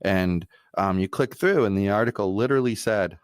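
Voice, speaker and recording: A man hosting a podcast, explaining his point in a relaxed, measured way. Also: fairly low pitch, clear, resonant tone, no room sound, clean studio sound. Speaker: podcast host. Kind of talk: conversational interview talk.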